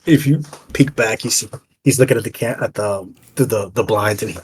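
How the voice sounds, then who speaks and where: A man's voice: on the low side, brisk, slight background noise. A man narrating as game master in a tabletop game, playful and often laughing.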